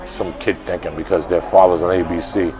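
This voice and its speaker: A man being interviewed outdoors, telling blunt, swearing stories that build to loud, animated bursts. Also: deep voice, brisk, over music, rough recording. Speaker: interview guest. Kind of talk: profane storytelling in conversation. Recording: street crowd and traffic behind.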